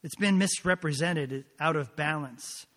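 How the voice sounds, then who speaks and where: A man delivers a sermon from the pulpit in a fairly high voice. He is emphatic but conversational, firing off rhetorical questions and slipping in asides. His voice trails off into the long echo of a big hall. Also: a little slow, a bit bright. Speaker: pastor.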